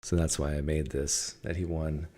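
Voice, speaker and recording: A man's voice: extremely low pitch, level tone, normal speed, mellow. A man hosting a call-in show, chatting casually and with amusement, with loose phrasing and fillers. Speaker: host. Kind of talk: casual commentary.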